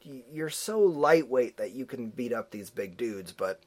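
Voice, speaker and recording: A man's voice: medium pitch, expressive, a little slow. A man hosting a movie podcast who talks casually, ranting and joking in a strongly opinionated way. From United States. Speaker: podcast host. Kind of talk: casual movie review chat.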